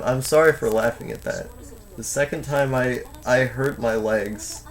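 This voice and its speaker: A man's voice: medium pitch, a little slow. Rambling young man streaming. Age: 20s. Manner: meandering, many fillers and restarts, reads chat aloud. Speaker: live streamer reading chat. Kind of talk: casual rambling stream chat. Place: at home.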